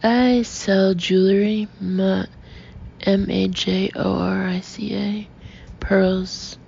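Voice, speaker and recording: A woman's voice: medium pitch, little pitch movement, slow, vocal fry, darkish tone, breathy edge, exaggerated voice. A woman voicing a hesitant, apologetic male caller who has a slight cold and a nasal voice, in an audiobook. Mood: flustered. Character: flustered male traveler with a head cold. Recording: dull lo-fi audio with faint hiss.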